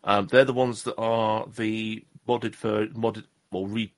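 A man's voice: on the low side, flat delivery, takes it slowly. A man co-hosting a casual podcast, jokey and rambling, often stopping to correct himself. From Southwest England. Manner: jokey, rambling, self-deprecating. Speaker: podcast co-host. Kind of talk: casual chat.

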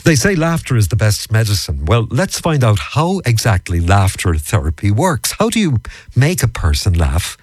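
An Irish man hosts a morning radio programme, bantering with his guest. His voice is on the low side but moves a lot in pitch. He sounds friendly and a little teasing, recorded dry and close. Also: normal speed, dry recording. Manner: friendly, teasing, lively intonation. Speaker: radio presenter.

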